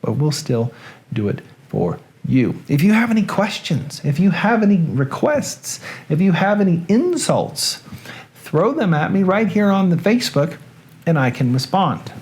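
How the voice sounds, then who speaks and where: A man's voice: sits high, very animated, measured pace, a little mellow. A man with a Southern American accent hosting a casual live-streamed reading show, joking with viewers and greeting them by name. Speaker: host and reader.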